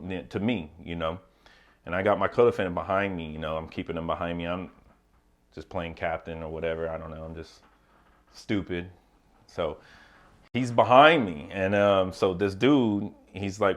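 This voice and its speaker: Deep-voiced man telling a prison story. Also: normal speed. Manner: loose and profane, lots of fillers and asides. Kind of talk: casual storytelling to camera.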